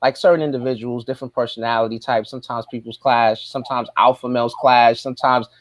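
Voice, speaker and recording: A man's voice: medium pitch, fairly even intonation, fast talker, no echo. Laid-back male guest, rambling casual chat, dry close recording. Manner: laid-back, rambling, lots of "man" and "you know".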